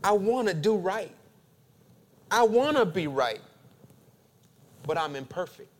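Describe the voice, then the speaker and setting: A male pastor preaching a sermon, building emphatic repeated phrases and then dropping to quiet, confessional tones. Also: sits high, lively intonation, takes it slowly. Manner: emphatic preaching with dramatic repetition.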